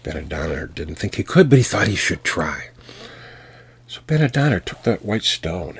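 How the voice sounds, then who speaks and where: An American man working as a storyteller, telling a folk tale in an unhurried, folksy way with fillers and restarts. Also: low-pitched, sing-song, gravelly, husky. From United States.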